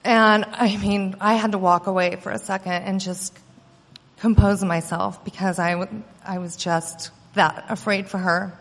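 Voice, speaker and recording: A mother tells a personal story earnestly in a steady, unhurried, mid-range voice, frequently acting out the dialogue she quotes. The recording carries a long hall reverb.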